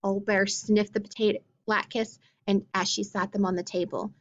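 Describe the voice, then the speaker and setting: A woman reading a children's picture book aloud and pausing to explain things simply for young listeners. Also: mid-range voice, flat delivery, dull audio. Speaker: storyteller.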